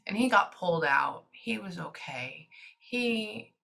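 A woman working as a psychic medium, giving a reading to a client and relaying messages in quick, chatty asides. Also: medium pitch, lively intonation, vocal fry, bright, forceful tone.

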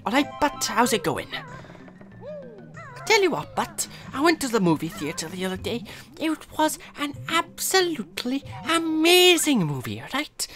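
A man's voice: wildly swooping pitch, a little slow, bright, forceful tone, faint music behind, exaggerated voice. A man putting on a hearty, sing-song broad Welsh accent to play an exaggerated chatty working man. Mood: jovial. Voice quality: high-pitched and sing-song.

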